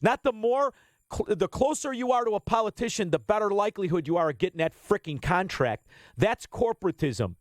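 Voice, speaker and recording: A man's voice: high-pitched, animated, brisk, no echo. A man hosting a political talk radio show, blunt and combative, swearing freely.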